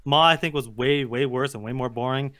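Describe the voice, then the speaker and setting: A man's voice: medium pitch, fairly even intonation, fairly quick, a bit bright. A man co-hosting a casual movie review chat, blunt and argumentative, swearing freely. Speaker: co-host.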